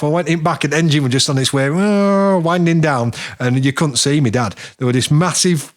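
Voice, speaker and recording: A man's voice: fairly high pitch, fairly quick, hardly any pauses, no room sound. A man hosting a podcast, telling rambling workshop stories in a casual chat and laughing often. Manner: rambling storyteller, laughs often, mimics people he quotes. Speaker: podcast host. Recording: dry studio sound.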